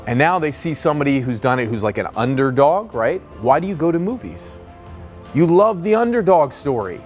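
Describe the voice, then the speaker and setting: A man's voice: on the high side, fairly quick, soft background music. A man giving a motivational sales lesson as a business coach, telling stories and acting out the people in them. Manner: energetic, storytelling, acts out quoted voices.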